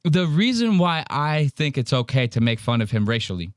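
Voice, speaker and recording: A man's voice: mid-range voice, very animated, normal speed, no room sound, studio quality. A man giving crude, mocking commentary while reacting to clips on a live stream. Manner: crude, mocking, loose and rambling.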